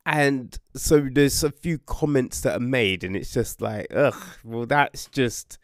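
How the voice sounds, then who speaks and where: Man, casual book review, unhurried, exclaims and curses, many fillers, dry sound. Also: medium pitch, dry recording. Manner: animated, swears and exclaims, many fillers and restarts.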